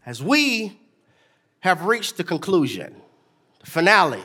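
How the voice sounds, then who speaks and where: A man preaching a sermon as pastor in a church before a live congregation, moving from soft storytelling into shouted, half-sung exhortation and leading call-and-response. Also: high voice, sing-song, measured pace, pauses often, soft background music.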